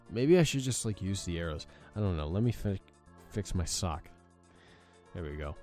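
A man's voice: low-pitched, animated, normal speed, a little mellow, soft background music. Exhausted, swearing young man gaming. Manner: swears often, frustrated at the game. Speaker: gaming channel host. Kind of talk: let's play commentary.

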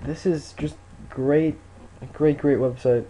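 A relaxed man walks through a screen-recorded computer tutorial in a loose, rambling way. His voice sits a little high with a mellow, soft tone. A faint hiss runs under the recording. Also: takes it slowly. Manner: laid-back, rambling with fillers. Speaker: tutorial maker.

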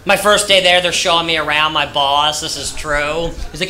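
A man in his thirties doing a stand-up comedy set, foul-mouthed and ranting, often rising to shouts. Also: a little high, fairly even intonation, moderate pace, hardly any pauses. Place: comedy club stage. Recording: echoey club with loud audience. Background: audience laughter.

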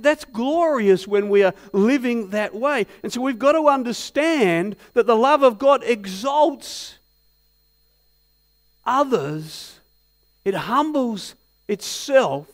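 A man preaching a sermon as pastor in a church, asking the congregation many rhetorical questions and telling stories with animation. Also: very high voice. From Australia. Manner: animated storytelling.

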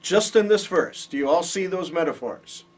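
Heard from a distance in a classroom, a man teaches a Bible college lecture, explaining things patiently and checking in with students. He speaks at normal speed in a fairly high, expressive voice.

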